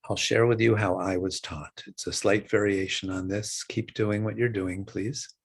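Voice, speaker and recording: An older man in his sixties, a meditation teacher, guiding a breath meditation in a slow, calm and gentle way with long pauses. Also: fairly low pitch, breathy edge. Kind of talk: guided meditation.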